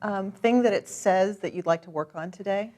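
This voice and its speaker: A woman leads a tapping session with calm encouragement. Her voice sits in a middle range. She gives instructions gently and steadily. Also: mid-range voice, moderate pace. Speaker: tapping coach. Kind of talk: guided coaching session.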